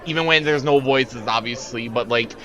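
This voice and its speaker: A man streaming himself reading a visual novel aloud, narrating and then ranting in an animated way, full of "like.". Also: medium pitch, normal speed, highs cut off. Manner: animated, frequent filler "like". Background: game music.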